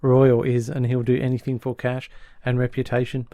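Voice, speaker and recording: Man, casual podcast recap, mid-pitched voice, dry close sound. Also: completely flat delivery, warm tone, no echo. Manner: acts out characters' lines in quick impressions. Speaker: podcast co-host. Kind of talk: casual chat recapping a sitcom episode.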